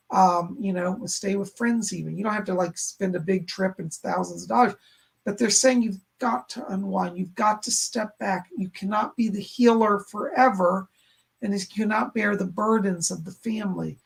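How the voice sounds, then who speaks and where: A man's voice: high voice, creaky, slightly rough. A man hosting a live stream as a psychic medium, chatting reassuringly as he reads chat questions aloud and passes on messages. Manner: chatty and reassuring, with many "and she said" asides.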